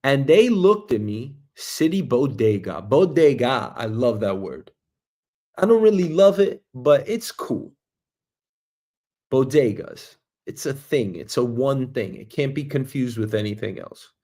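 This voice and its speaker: A man from Queens, hosting a show and telling a meandering comic story, swinging between loud bursts and quiet asides. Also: medium pitch, very animated, measured pace. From Queens, New York, US. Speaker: show host. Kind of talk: rambling comic monologue. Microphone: streaming mic.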